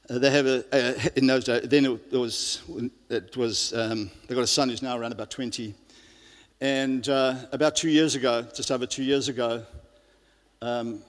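A male pastor giving an earnest sermon, often restarting his sentences and using fillers. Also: medium pitch. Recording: long reverb of a large hall.

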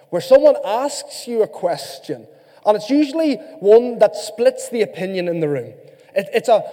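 A man with an Irish accent preaching a sermon as a pastor, reading scripture slowly and then rallying the congregation with humor. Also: sits high, dark tone. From Ireland. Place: church sanctuary. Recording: long hall reverb.

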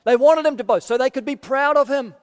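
A man preaching a sermon, animated and lively, acting out quoted voices with dry humorous asides. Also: extremely high pitch, brisk, clear, resonant tone, long reverb tail. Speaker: pastor.

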